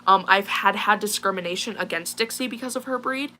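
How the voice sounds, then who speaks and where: A teenage girl vlogger with a mid-range voice and a bright, forceful tone talks a little fast, casually recounting a distressing incident to a live audience. She rambles with lots of fillers and sounds shaken, over slight background noise.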